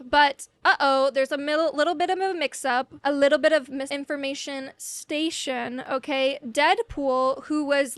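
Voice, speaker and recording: A woman's voice: sits high, a bit bright, no room sound. A young woman casually and jokingly retelling a comic book history, acting out scenes with silly voices. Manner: jokey, playful, acts out scenes with silly voices. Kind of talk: casual comedic storytelling. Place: hot room, with an ice pack.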